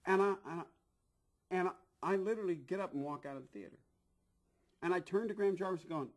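A middle-aged man telling a long anecdote in an interview, animated, acting out what people said, with frequent restarts. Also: fairly high pitch, quick pace. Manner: animated, acts out quoted voices, frequent restarts. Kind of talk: anecdotal storytelling.

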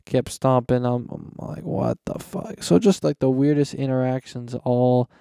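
A man's voice: medium pitch, steady tone, moderate pace, vocal fry, mellow, smooth, no room sound, studio quality. Rambling teenage guy on a podcast mic. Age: teens. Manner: rambling, slangy, mocking, curses freely. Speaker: podcast host. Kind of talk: casual solo podcast rant. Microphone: close podcast microphone.

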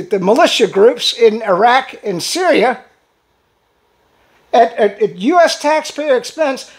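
A man ranting fired-up in political commentary, hosting his own channel. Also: very high voice. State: in pain from a neck injury.

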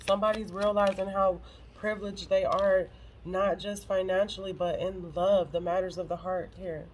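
A woman's voice: mid-range voice, flat delivery, normal speed, a little hiss or hum, poor audio. A woman doing a casual tarot reading to camera, blunt and profane and close to tears. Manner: blunt and profane, emotional, swears freely. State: on the verge of tears. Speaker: tarot reader.

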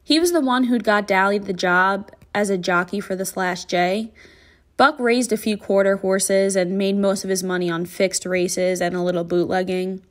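A woman teacher reads a novel aloud for her class in an expressive storybook manner. Her voice sits at an ordinary middle pitch. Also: moderate pace. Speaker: middle school English teacher.

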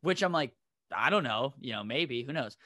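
A man's voice: mid-range voice, expressive, moderate pace, pushed and bright, no room sound, studio quality. A man co-hosting a comedy podcast, telling a rambling anecdote and laughing as he goes. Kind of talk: casual storytelling.

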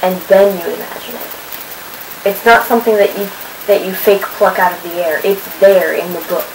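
A woman's voice: medium pitch, normal speed, low-quality recording. A woman talking casually to her camera, chatty and rambling as she looks through old papers. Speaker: vlogger. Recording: audible background noise.

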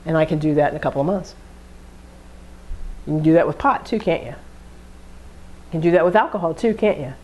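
A woman's voice: low voice, normal speed, pauses often, darkish tone. A woman giving a conversational lecture on addiction, walking through everyday examples and acting out the thoughts behind them. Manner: conversational, acts out hypothetical inner thoughts. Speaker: addiction educator. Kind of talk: classroom lecture.

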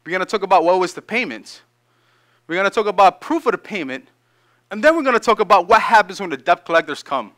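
A man preaching a sermon, reading scripture aloud and then explaining it in casual, energetic asides. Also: high-pitched, quick pace. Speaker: pastor.

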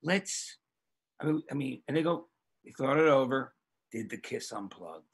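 Husky, lively-voiced male podcast host. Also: medium pitch, moderate pace. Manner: excitable, profane, rambling anecdotes. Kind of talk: animated storytelling.

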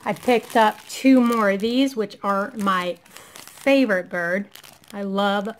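A woman's voice: mid-range voice, slow. A woman in her thirties, a parent, chatting through a shopping haul in a casual vlog, enthusiastic and gushing, losing her voice a little. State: losing her voice, clearing throat. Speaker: vlogger showing a shopping haul.

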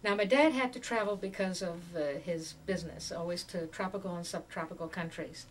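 Older woman telling lively family stories. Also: fairly low pitch, a little fast. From Tanganyika. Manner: animated storyteller, laughs often while talking. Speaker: oral history interviewee. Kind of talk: oral history interview, storytelling. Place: museum interview room. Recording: distant mic with faint background noise.

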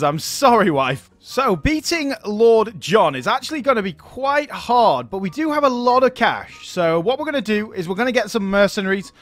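High-voiced man chuckling through gameplay commentary. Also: fairly bright tone, no echo. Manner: chatty, chuckles often between remarks. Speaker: gaming YouTuber.

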